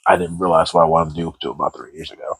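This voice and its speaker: A former Marine, male, chats plainly and a little hesitantly as a podcast guest. His voice is very deep, with a gravelly edge and a raspy texture. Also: flat delivery, very fast, fairly bright tone, rough recording. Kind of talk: casual chat.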